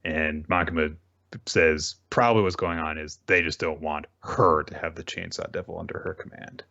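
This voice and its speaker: A man's voice: sits low, creaky, muffled recording. A man co-hosting a casual talk show, recapping manga chapters and acting out characters' lines as he goes. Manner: animated, acts out characters' lines in quick voices, laughs often. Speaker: podcast co-host.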